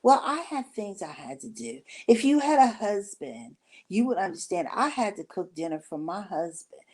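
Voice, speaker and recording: A woman's voice: medium pitch, big pitch swings, normal speed, a little mellow, slightly rough, voice pushed up. A woman voicing a nagging married woman friend who is always picking fights and turning defensive. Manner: accusing, defensive.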